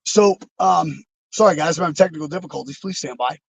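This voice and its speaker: A man's voice: a little high, quick pace, creaky, breathy edge, dry recording, rough recording. A man being interviewed over a video call, telling rambling, reflective stories with many fillers and restarts. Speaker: interview guest, former wrestler. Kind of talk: casual storytelling.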